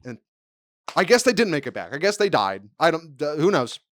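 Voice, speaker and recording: A man's voice: on the high side, very animated, brisk, fairly bright tone, no room sound, studio quality. A man co-hosting a podcast in casual chat, rambling and swearing as he acts out quotes. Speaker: podcast co-host.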